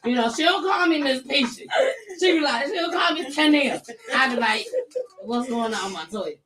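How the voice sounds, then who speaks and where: A woman's voice: high-pitched, normal speed, very noisy. A woman hosting a talk show, chatting casually and laughing often as she tells a story, in a studio. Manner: lively, laughs often while talking. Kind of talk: casual chat.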